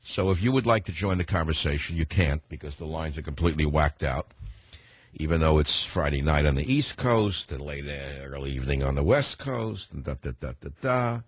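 Older male talk radio host, thick New York accent, very low husky voice, opinionated and digressive, dry studio sound. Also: expressive, moderate pace, no room sound. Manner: rambling, combative, digressive.

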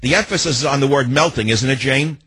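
An older man with a slightly husky voice hosts a call-in radio talk show. He rants with indignant emphasis and keeps throwing rhetorical questions at his listeners. The sound is dry and close. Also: mid-range voice, fast talker, fairly bright tone, no echo.

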